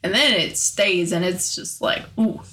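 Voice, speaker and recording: A woman's voice: on the low side, unhurried, fairly bright tone. A young woman co-hosting a podcast, chatting casually and explaining things in detail with lots of "like". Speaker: podcast co-host. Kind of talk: casual chat.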